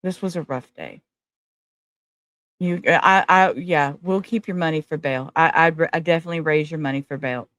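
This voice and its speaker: A woman's voice: low voice, moderate pace, fairly bright tone, no echo. A woman hosting a casual livestream, talking emotionally and straight to her viewers. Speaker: livestream host.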